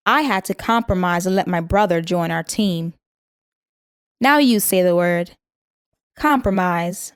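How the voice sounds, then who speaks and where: A woman reading a scripted vocabulary lesson in a measured way, saying each word twice so learners can repeat it. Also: on the low side, clear, resonant tone, no room sound, studio quality. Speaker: vocabulary instructor.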